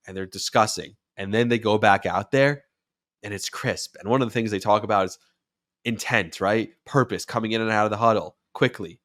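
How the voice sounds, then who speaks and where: A man hosting a show, talking sports in a casual, animated way and rising to near-shouts when he acts out quotes. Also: lowish voice, dry recording, studio quality. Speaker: podcast host and sports radio commentator.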